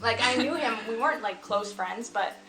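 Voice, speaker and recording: A woman's voice: fairly high pitch, animated, moderate pace. A woman in her twenties casually telling a story, chatty and full of fillers, often laughing as she talks. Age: 20s. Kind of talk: casual story time chat. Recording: echoey room with faint music.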